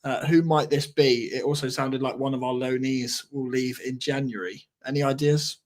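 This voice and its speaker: A man's voice: mid-range voice, steady tone, moderate pace. Teasing male podcast host. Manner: teasing, reads out listener questions. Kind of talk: casual podcast chat.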